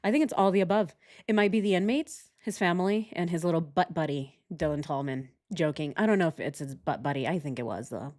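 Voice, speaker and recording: A woman's voice: low-pitched, brisk, darkish tone. A woman hosting a true-crime commentary channel who talks in a chatty, sarcastic way and often laughs. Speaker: channel host.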